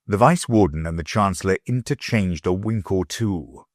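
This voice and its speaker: A man narrating a classic storybook aloud, with expressive delivery. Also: sits low, a little slow, no room sound, clean studio sound. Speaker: audiobook narrator. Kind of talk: scripted narration.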